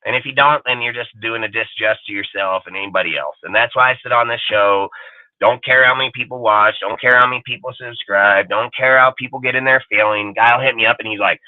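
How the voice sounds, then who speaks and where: A man hosting a livestream panel, ranting in a brash, swaggering way with heavy swearing, his voice swinging between loud bursts and low mutters. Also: quick pace, no room sound. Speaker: podcast panel host. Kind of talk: profane livestream rant. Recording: tinny phone-like call audio, dry.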